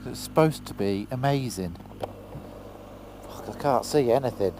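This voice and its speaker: A man's voice: medium pitch, expressive, unhurried, background noise. A man chatting casually into a helmet camera while riding a motorbike outdoors in pouring rain, exclaiming and swearing now and then. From Britain. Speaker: motorcycle vlogger. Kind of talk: casual vlog commentary.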